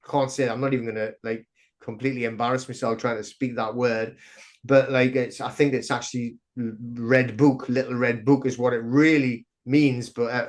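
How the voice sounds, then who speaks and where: A middle-aged man talks as a podcast guest. He rambles through his stories with plenty of restarts and gets excitable. His pitch sits right in the middle. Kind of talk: casual interview chat.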